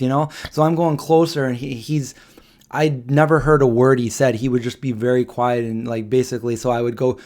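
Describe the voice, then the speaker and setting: A man in his forties hosting a live Q&A stream, telling stories in a rambling, halting way with many pauses and restarts. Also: medium pitch, level tone, darkish tone. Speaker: livestream host. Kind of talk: casual storytelling on a live Q&A stream.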